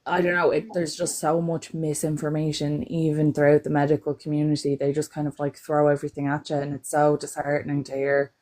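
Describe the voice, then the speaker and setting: A young adult Irish woman with an Irish accent chats as a panel guest on a casual call, telling stories and laughing often. Her deep, slightly mellow voice has a flat delivery and runs a little fast with hardly any pauses.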